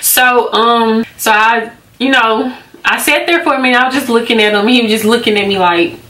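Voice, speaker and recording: A woman's voice: fairly high pitch, normal speed, pushed and bright, roomy sound, a little hiss or hum. A young woman chatting casually as a beauty vlogger, giggling often and using lots of fillers. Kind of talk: casual storytelling and skincare chat.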